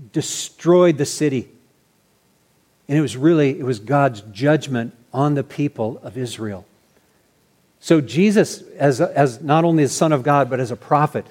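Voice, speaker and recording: A man preaching a sermon as pastor, earnest and animated, sometimes restarting his phrases. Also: on the high side.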